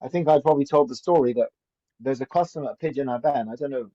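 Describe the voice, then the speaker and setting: On a dull lo-fi recording, a man plays a rabbi teaching an informal Torah class, chatty and full of anecdotes, often tossing in "right?". His voice is mellow and medium-pitched, and he speaks quickly.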